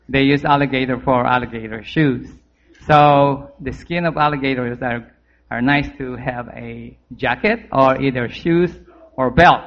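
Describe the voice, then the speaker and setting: Male storyteller for a child, halting non-native English, animated, slightly high voice, dull lo-fi audio. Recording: dull lo-fi recording.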